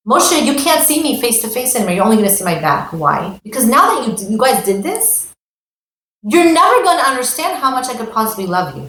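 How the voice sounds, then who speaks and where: A woman's voice: mid-range voice, slight background noise. A middle-aged American woman giving a spoken Torah lesson, mixing Hebrew terms into English and acting out the voices of parents she quotes. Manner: animated, acts out quoted parents. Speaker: Torah teacher. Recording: echoey room with faint ambience.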